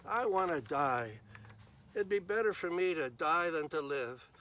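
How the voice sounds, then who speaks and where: A man's voice: fairly high pitch, unhurried, pushed and bright, a little hiss or hum. A man voicing an angry, self-pitying male prophet who complains petulantly, in a retold Bible story. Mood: sulking.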